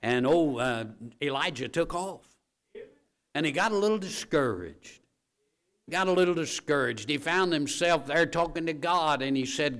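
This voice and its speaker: A male preacher delivers a sermon in a homespun, conversational way, tossing quick asides to his listeners. He repeats his key lines, often sinking into a low, quiet hush before climbing into loud, emphatic bursts. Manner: folksy asides to the congregation.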